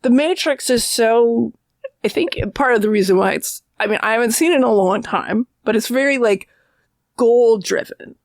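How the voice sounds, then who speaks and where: Gravelly-voiced woman, discursive film critic. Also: on the high side, normal speed, a little mellow, dry recording. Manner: discursive, thinks aloud with restarts. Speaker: film critic and author, podcast guest. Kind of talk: casual podcast conversation.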